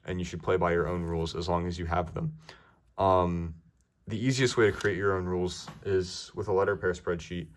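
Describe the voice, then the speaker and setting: A man's voice: deep voice, fairly even intonation, normal speed. A young man giving casual, ranty speedcubing tips, rambling with many fillers. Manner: rambling, lots of ums and likes.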